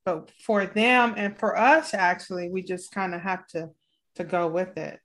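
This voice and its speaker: A woman hosting an interview, warmly affirming her guest and asking follow-up questions. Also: on the low side, fairly even intonation, unhurried. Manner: affirming, gives frequent encouraging replies. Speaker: host. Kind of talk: interview talk.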